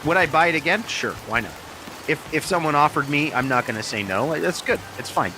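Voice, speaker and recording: A man's voice: on the high side, animated, fairly quick, noisy background. A middle-aged man rambling casually about a beer in a vlog, with hesitant restarts, recorded outdoors. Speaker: beer review vlogger. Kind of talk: casual chat. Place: outdoors in heavy rain. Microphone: small mic on camera, outdoors. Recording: outdoor recording with loud rain. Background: rain pouring down.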